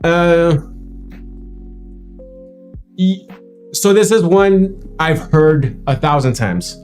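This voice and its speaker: A man's voice: a little high, animated, extremely slow, darkish tone, soft background music. A young man, Spanish-speaking since childhood, telling stories in casual livestream chat and laughing often. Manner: chatty storyteller, laughs often. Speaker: co-host of livestream.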